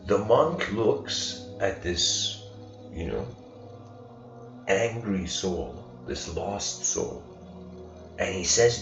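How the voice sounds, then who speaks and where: A man's voice: on the low side, extremely slow, vocal fry, long pauses. A man giving a casual storytelling lecture, rambling and acting out the quoted lines with rising intensity. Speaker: spiritual lecturer. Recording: roomy, dull lo-fi recording with faint music.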